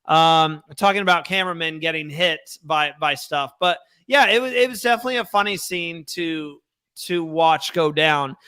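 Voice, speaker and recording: A young man co-hosting a fan podcast in casual, animated chat, reading viewer comments aloud. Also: on the high side, moderate pace, smooth, no echo, studio quality. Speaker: podcast co-host.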